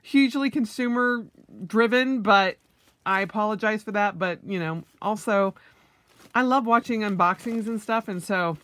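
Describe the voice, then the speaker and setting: A woman's voice: mid-range voice, moderate pace, fairly bright tone, no echo. A woman vlogger, middle-aged, unboxing purchases in a casual vlog, gushing with oohs and yays.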